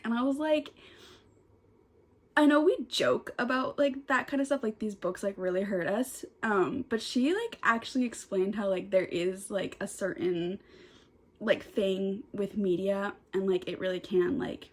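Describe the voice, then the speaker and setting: A woman's voice: mid-range voice, steady tone, measured pace. A young woman chatting casually in a book vlog outdoors, emotional and gushing, her talk full of "like"s. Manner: emotional, gushing, filler-heavy with many "like"s. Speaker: book vlogger. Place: outdoors in the sun.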